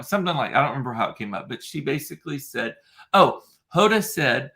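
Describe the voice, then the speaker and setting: A man's voice: medium pitch, lively intonation, moderate pace, vocal fry, pushed and bright. A young man vlogging casually, rambling through a funny story with lots of ums and laughing asides. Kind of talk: casual chat to camera.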